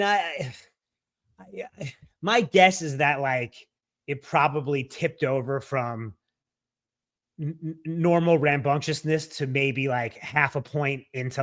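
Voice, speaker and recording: Higher-voiced laughing podcast co-host. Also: male voice, fairly bright tone. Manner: laughs easily, stammers and restarts while thinking aloud. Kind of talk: casual podcast chat.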